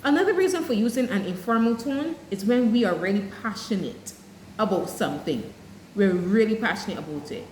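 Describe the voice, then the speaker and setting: A woman teacher talks her students through an English lesson, clear and explanatory. Her voice sits at a middle pitch. The room adds a noticeable echo, with a faint hiss of ambience behind her. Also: animated, fairly quick, a little mellow.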